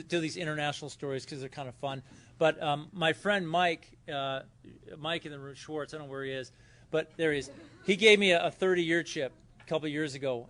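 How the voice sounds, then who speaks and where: A man's voice: on the high side, fairly bright tone. A man speaking at a recovery convention, telling personal stories casually with fillers and quoted dialogue. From Southern California. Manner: casual, storytelling with acted quotes and frequent fillers. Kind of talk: personal story talk at a convention. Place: hotel conference room.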